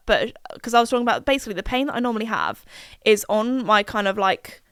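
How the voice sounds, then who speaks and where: Chatty young Englishwoman, smooth clear voice. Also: a little high, fast, no echo, clean studio sound. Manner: chatty, rambling, lots of fillers and asides. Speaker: podcast host. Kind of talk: casual solo podcast chat.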